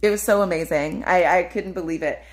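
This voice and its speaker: A woman in her thirties hosts her own podcast and talks through a personal story in a loose, gushing ramble. Her voice sits low for a woman, and she keeps reaching for "like" and "um" as she goes. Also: brisk. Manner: dreamy, gushing, lots of likes and ums. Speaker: podcast host.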